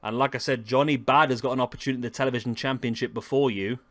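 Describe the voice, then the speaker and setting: A man's voice: mid-range voice, steady tone, rapid-fire, fairly bright tone. A man in his thirties streaming a wrestling game live, chatting casually to viewers. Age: 30s. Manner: chatty, talks to chat viewers. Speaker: gaming streamer.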